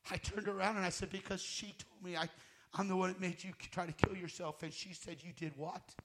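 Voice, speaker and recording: A male guest minister preaching a sermon, telling his own story with emotion, swinging from fervent loud passages to hushed near-whispers. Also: high voice, fairly even intonation, quick pace, heavy background noise. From United States. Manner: emotional testimony, voice rising to loud fervor and dropping to near-whisper.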